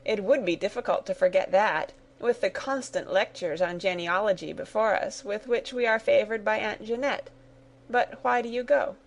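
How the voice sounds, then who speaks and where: A woman's voice: mid-range voice, moderate pace, vocal fry, lightly acted. A woman voicing a playful, good-humoured teenage girl in a read-aloud story. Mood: eager. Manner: playful, teasing.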